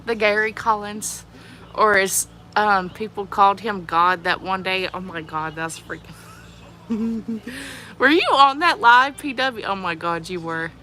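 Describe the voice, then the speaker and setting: A woman's voice: medium pitch, measured pace, a little hiss or hum. A young adult woman with a childlike voice, chatting casually and giggling as she reads out viewer comments on a livestream. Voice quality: childlike, youthful-sounding voice. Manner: giggly, animated, laughs often. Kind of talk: casual live chat reading viewer comments.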